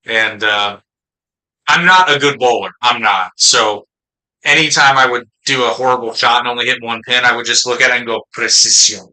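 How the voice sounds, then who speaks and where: A man co-hosting a podcast with a very bright, forceful tone, playful and quick to joke. He talks in a relaxed, casual way at a middling pitch. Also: low-quality recording. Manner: playful, jokes in learner Spanish. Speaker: podcast co-host. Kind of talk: casual chat.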